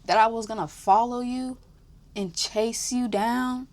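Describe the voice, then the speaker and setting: A young woman hosting a podcast, telling a story in casual chat, animated, swearing freely and breaking into laughs. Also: a little high, a little slow. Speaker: podcast host.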